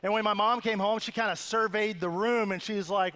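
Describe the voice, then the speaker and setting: A man's voice: high-pitched, normal speed, a bit bright. A man preaching a sermon as pastor, telling a humorous family story in a conversational, self-deprecating way with asides to the congregation. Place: church sanctuary.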